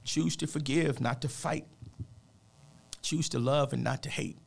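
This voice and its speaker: A man's voice: a little high, steady tone, unhurried, creaky. A man who works as a motivational speaker, telling a personal story with heartfelt, emphatic, almost preacher-like earnestness during a radio interview.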